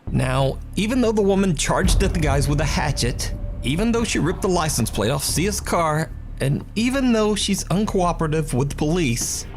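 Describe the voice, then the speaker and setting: A man giving scripted narration for a countdown video, in a steady, measured storytelling voice. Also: a little high, noisy background. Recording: narration over loud background music.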